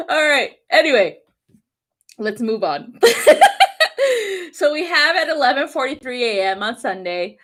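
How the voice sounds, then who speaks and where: An astrology and tarot reader gives a casual weekly forecast of transits, talking bluntly and animatedly straight to her viewers, swearing a lot and laughing often. Her voice is on the high side, a little slow, with frequent pauses.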